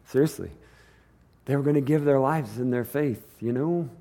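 A man's voice: mid-range voice, normal speed, mellow. A pastor preaching a sermon to his church in a casual, conversational way, acting out the people in the story as he goes.

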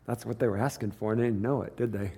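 A man's voice: on the low side, fairly even intonation, quick pace, creaky, mellow, slightly rough. A pastor preaching a sermon to his church in a casual, conversational way, acting out the people in the story as he goes.

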